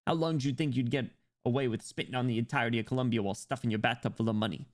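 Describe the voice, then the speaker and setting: A man's voice: medium pitch, steady tone, rapid-fire, lightly acted. A man voicing a smug, boastful penguin rap star while reading a game story. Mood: cocky. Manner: cocky and boastful.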